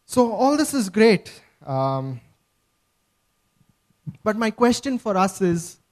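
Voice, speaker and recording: A man's voice: high-pitched, very animated, slow, a little mellow. A man preaching a sermon, earnest and emphatic, often checking in with his listeners.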